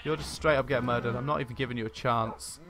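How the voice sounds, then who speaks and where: A man hosting a casual let's-play, talking in a chatty, rambling way on a boom-arm desk mic at home. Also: fairly even intonation, fast, crowd noise. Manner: chatty and rambling, with many "like" fillers. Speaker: gaming channel host.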